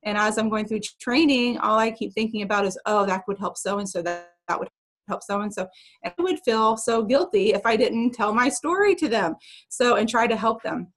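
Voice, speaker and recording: A woman in her thirties on a video call, sharing her story with a team, earnest and emotional, rushing a little. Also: mid-range voice, low-quality recording. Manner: emotional, earnest, fast-talking. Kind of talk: casual personal testimony on a video call.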